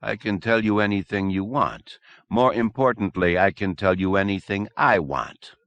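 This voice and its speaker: A man voicing a slow, condescending old man with a Slovenian accent. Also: fairly low pitch, a bit bright. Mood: cold.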